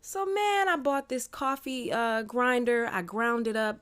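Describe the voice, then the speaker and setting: A woman's voice: fairly high pitch, steady tone, unhurried, a bit bright, clean tone. A woman hosting her own podcast, talking in a bubbly, chatty way with frequent ums. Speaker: podcast host. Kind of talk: casual solo podcast chat. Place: home, by a window.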